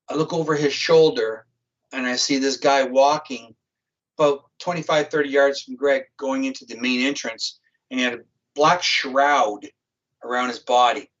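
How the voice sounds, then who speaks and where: On a talk show, a guest who works as a psychic criminal profiler retells a story vividly, bluntly and with profanity, in a casual manner. His voice is mid-range and a bit bright, and the stream audio is dull and lo-fi.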